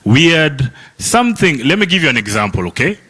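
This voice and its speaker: At a youth summit in a conference hall, a man from Kenya facilitates with a somewhat high, sing-song voice that is pushed and bright, at a moderate pace. The workshop leader keeps the audience engaged, teasing them and ending questions with "eh?" or "okay?".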